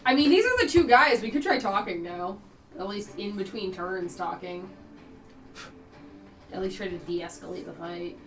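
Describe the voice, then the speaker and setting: A woman's voice: medium pitch, expressive, moderate pace, a bit bright. A woman playing a tabletop game in casual chat, eager and often laughing. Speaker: player. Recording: voice a bit far from the mic.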